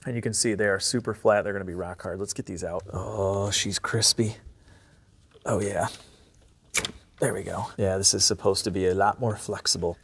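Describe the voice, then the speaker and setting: A man hosting a car-repair video who explains his work casually and jokes between tasks, sometimes letting out excited whoops. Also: fairly low pitch, moderate pace, slight background noise. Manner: upbeat and joking, with sudden excited whoops. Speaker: host and car mechanic. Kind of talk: casual repair vlog commentary. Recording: echoey garage reverb.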